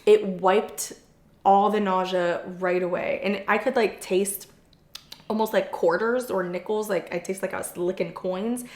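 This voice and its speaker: Young woman telling a personal story, super open and chatty, mid-pitch, roomy echo. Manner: chatty and open, frequent "like" fillers, animated retelling. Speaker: podcast co-host. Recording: echoey room.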